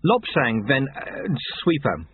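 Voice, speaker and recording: A man's voice: mid-range voice, huge pitch swings, takes it slowly, breathy edge, voice pushed up, full character voice. A man voicing an earnest young novice monk who asks eager, flustered questions, heard through tinny phone-like audio.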